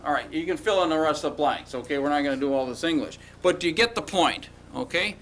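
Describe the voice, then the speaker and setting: In a Hebrew grammar class, a man with a fairly high, animated voice teaches at a quick pace, his tone a bit bright against slight background noise. He drills his students call-and-response style, having them repeat words after him, and checks in often with "okay" and "all right" in this classroom lecture.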